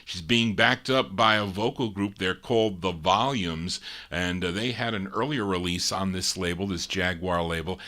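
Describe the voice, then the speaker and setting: A man's voice: deep voice, moderate pace, bright, forceful tone. A man hosting a live record show, introducing old records in casual, chatty DJ patter addressed to his listeners. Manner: chatty, folksy, talks straight to the listeners. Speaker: radio-style record show host.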